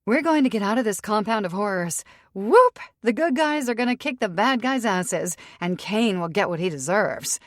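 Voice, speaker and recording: A spirited young werewolf woman, as a female narrator plays her, brisk and emphatic with a cheeky edge. The voice sits low for a woman and is recorded dry and close. She speaks bluntly and with upbeat force. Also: sing-song, no echo. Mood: excited. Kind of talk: audiobook character reading.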